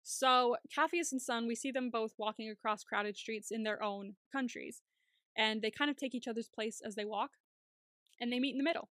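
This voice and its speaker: A woman co-hosting a podcast, giving a casual, animated recap of a TV episode and acting out scenes with laughs. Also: fairly high pitch, normal speed, no echo, clean studio sound. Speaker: podcast co-host.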